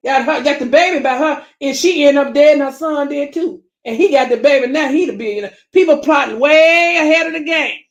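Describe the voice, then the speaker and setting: Southern lady vlogging, high voice, preachy, keeps repeating herself and calling folks family. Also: roomy sound. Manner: preachy, emphatic, repeats phrases, calls viewers family and baby. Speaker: YouTube channel host. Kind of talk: casual commentary to viewers.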